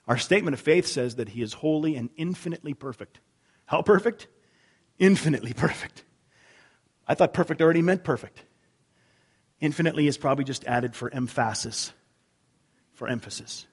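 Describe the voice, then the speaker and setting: A man preaching a sermon as a pastor, husky in tone, rising to loud emphatic lines and dropping to hushed, low ones. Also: moderate pace.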